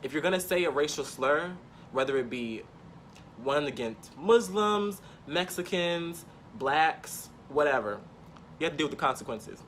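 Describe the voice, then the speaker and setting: A man's voice: fairly high pitch, expressive, measured pace, fairly bright tone, a little hiss or hum. A man telling a personal story in an emphatic, impassioned way, repeating points for stress.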